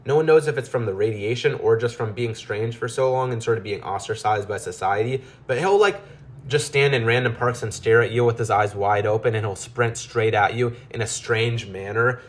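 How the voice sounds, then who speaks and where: A man's voice: lowish voice, fairly even intonation, brisk, few pauses. A man narrating a storybook tale in a loose, rambling way, with casual asides.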